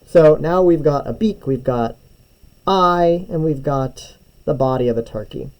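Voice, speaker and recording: Young male music teacher, warm low-key tone, patient step-by-step instruction. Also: a little slow, low-quality recording. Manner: patient, step-by-step, often checks with "right?". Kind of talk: drawing tutorial lesson.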